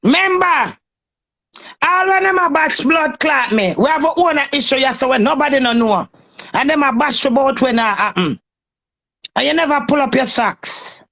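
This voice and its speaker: A woman's voice: high voice, expressive, moderate pace, fairly bright tone. A Jamaican woman in a heated, cursing, confrontational rant on a phone live stream.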